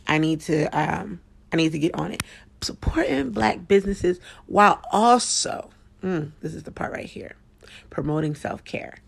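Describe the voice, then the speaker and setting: An excitable woman hosting a casual podcast, chatting with lots of fillers. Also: lowish voice, gravelly. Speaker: podcast host.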